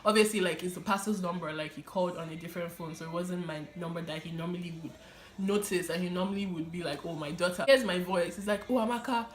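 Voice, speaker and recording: A young woman telling her personal testimony in an animated, casual way, often laughing and using fillers. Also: fairly low pitch, fast. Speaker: vlogger sharing her testimony. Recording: echoey room.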